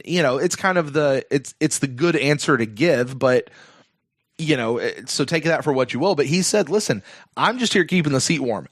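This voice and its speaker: A man's voice: medium pitch, dry recording, clean studio sound. A man co-hosting a sports fan podcast, talking casually and reading listener emails, with lots of fillers and restarts. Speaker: podcast co-host.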